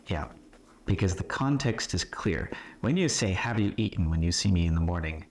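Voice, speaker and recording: A man teaching an English class in a relaxed, conversational way, patiently explaining with example questions and checking in often. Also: low-pitched, normal speed, slight background noise. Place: classroom or retreat room.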